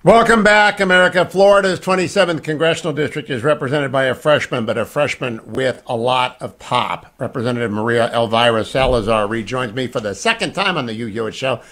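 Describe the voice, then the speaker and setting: A man's voice: medium pitch, brisk, few pauses, fairly bright tone. A man in his sixties hosting a radio talk show, joking and bantering with his guests. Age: 60s. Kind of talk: casual radio interview.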